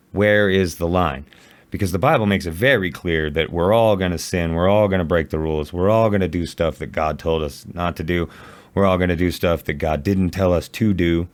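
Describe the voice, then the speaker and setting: A man casually reacting to a video on a livestream, blunt, sarcastic and often swearing. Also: sits low.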